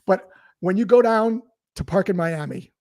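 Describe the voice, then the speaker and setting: A man's voice: high voice, normal speed, darkish tone, no echo, studio quality. A man being interviewed as a sales expert, explaining his ideas through anecdotes and quoted dialogue. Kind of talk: conversational interview storytelling.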